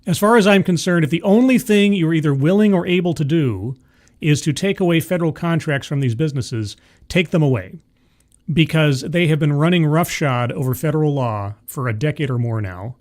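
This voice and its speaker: Man, livestream host, slightly raised pitch, casual chatty commentary, blunt opinions, desk mic. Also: brisk, a little mellow. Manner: chatty, reads news aloud and comments bluntly.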